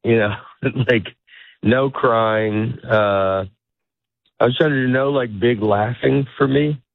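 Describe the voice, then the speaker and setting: A man's voice: mid-range voice, slow, creaky. A middle-aged man, a comedian, chatting casually in a rambling way, often cutting himself off and laughing. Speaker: comedian guest. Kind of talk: casual chat. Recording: dry phone-like audio.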